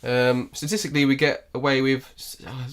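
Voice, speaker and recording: A man's voice: mid-range voice, little pitch movement, fairly quick, fairly bright tone. A man hosting a podcast, chatting casually and jokily about a film, laughing often as he recaps it. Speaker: podcast host.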